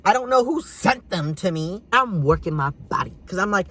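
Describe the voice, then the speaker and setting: A man's voice: normal speed, hardly any pauses, husky. A young man telling a casual storytime vlog in a sassy, dramatic way. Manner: animated, sassy, dramatic delivery with big swings in pitch. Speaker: storyteller vlogger.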